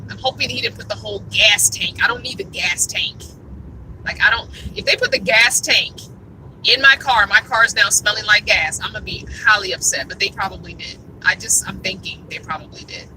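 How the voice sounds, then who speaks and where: A woman with a Southern US accent, chatting with live viewers while she drives. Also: medium pitch. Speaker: vlogger. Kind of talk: live-stream vlog chat while driving. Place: inside a car on the road. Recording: car recording from a distance, background noise.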